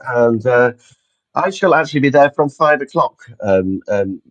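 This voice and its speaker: A man's voice: mid-range voice, lively intonation, measured pace. Hesitant male guest, mid voice. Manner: hesitant, many ums and restarts. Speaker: guest pianist. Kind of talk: casual chat.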